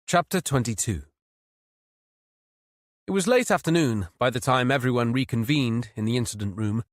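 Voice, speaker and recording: A man narrating a mystery thriller audiobook in a steady, measured read. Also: medium pitch, no room sound, studio quality. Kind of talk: scripted narration.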